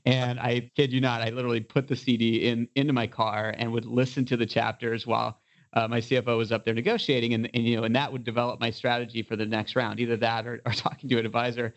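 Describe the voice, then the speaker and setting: A man in the guest seat tells an animated, casual story about his business, with a mid-range voice. He fills his sentences with "you know" and jumps back into the thread quickly. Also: mid-range voice. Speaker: entrepreneur guest.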